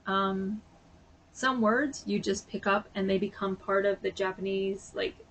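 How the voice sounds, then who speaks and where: A woman's voice: mid-range voice, gravelly, a little hiss or hum. A woman vlogger chatting casually and sounding a bit sleepy, rambling with lots of fillers. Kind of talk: casual chat.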